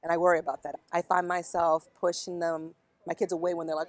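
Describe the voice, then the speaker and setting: A woman's voice: on the low side, quick pace, few pauses. A middle-aged woman speaking frankly and emotionally outdoors in a park, blunt and sometimes swearing, about her own struggles. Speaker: interviewee. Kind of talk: candid conversation.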